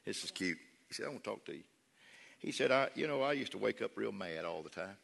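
A man preaching a sermon as a pastor, switching between loud shouted praise and soft folksy storytelling. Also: fairly low pitch, animated, fast, creaky. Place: large church hall with congregation. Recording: long hall reverb with faint crowd.

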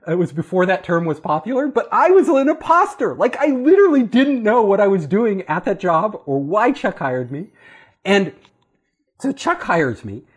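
A man casually telling a story, animated and often laughing as he acts out what others said. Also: sits high, slightly rough. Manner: animated, laughing, acting out quoted voices. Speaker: storyteller guest. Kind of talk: casual anecdote.

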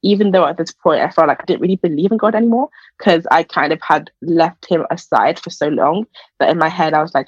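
A young woman shares her story in an earnest, chatty way, with plenty of fillers along the way. Her voice is slightly husky. The recording is dry and somewhat dull and lo-fi. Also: low-pitched, quick pace, no echo. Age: young adult. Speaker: podcast guest. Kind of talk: casual personal testimony.

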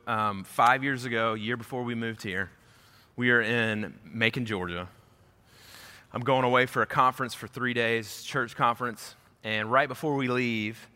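A man gives a storytelling sermon from the pulpit with a bright, forceful voice. He tells the story with lively energy and slips into the voices of the people in it. His words ring out with a long echo through a large hall. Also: medium pitch. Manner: animated storyteller acting out quoted voices. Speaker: pastor. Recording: echoey hall.

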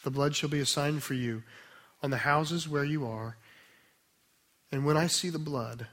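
A man preaching a sermon, explaining scripture in a conversational way, then reading a passage aloud slowly and softly. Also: on the high side. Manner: conversational teaching with restarts, slow and soft when reading scripture.

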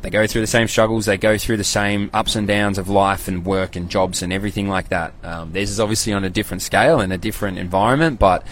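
A man's voice: on the low side, steady tone, quick pace, hardly any pauses, a bit bright, slight background noise. Laid-back Australian man, rambling recap. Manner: loose, rambling, slangy, swears freely. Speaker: podcast host. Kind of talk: casual solo recap podcast.

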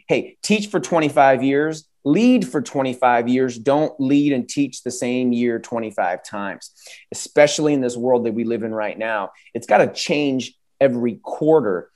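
A man answering interview questions as an educator guest, energetic and telling stories with vivid, punchy phrasing. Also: medium pitch. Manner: energetic storyteller, acts out quoted voices.

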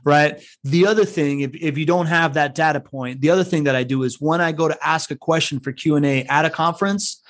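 A man's voice: on the high side, brisk, few pauses, a bit bright. A man giving conference networking tips in a casual chat, chatty and full of fillers, often checking in with "right?". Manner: chatty, filler-heavy, keeps asking "right?". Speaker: podcast co-host giving networking advice.

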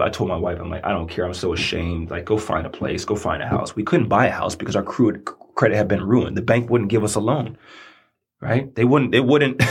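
Male podcast host, husky, earnest sermon-like delivery. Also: on the low side. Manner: earnest, preacherly, repeats phrases for emphasis. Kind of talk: personal storytelling monologue.

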